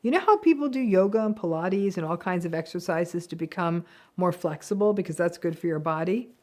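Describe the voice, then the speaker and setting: A woman's voice: on the low side, expressive, fairly quick, darkish tone. A woman psychologist giving an educational talk to camera. She speaks directly and with emphasis, acting out the replies she quotes. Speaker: psychologist explaining healthy relationships.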